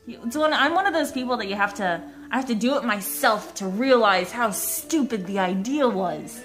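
A young woman talks to her camera from home in a loose, rambling vlog. She pokes fun at herself as she goes, in a voice of ordinary middle pitch. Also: moderate pace, fairly bright tone, soft background music. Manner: rambling, self-mocking, chatty. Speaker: vlogger. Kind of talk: casual vlog chat. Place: at home indoors.

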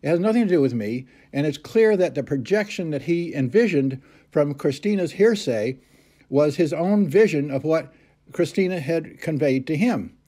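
A man giving an unscripted personal statement about a complaint, halting and full of hesitations, with an aggrieved, insistent manner. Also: a little high, expressive, mellow. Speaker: complainant recounting a police encounter.

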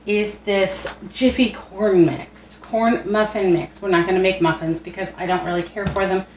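A woman's voice: mid-range voice, steady tone, moderate pace, dull audio. A woman chatting casually through a home cooking how-to, rambling with plenty of fillers and frugal asides. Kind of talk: casual kitchen how-to chat. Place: home kitchen. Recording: roomy echo, distant mic, faint noise.

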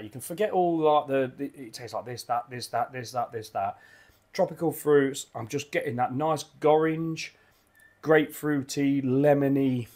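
A man's voice: mid-range voice, darkish tone. An enthusiastic man, rambling casually through a beer review at his home bar, often repeating his words.

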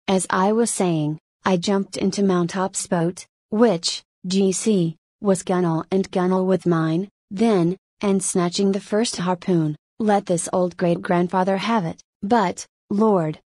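A woman's voice: mid-range voice, a little mellow, no room sound, close to an everyday voice. A woman voicing a one-armed English whaling captain who spins a long, rambling yarn with good humor.

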